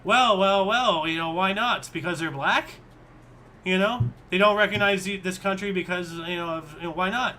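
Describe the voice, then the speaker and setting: High, bright chatty man. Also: normal speed, slight background noise. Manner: rambling, chatty, thinks aloud. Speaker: co-host. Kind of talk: casual history chat.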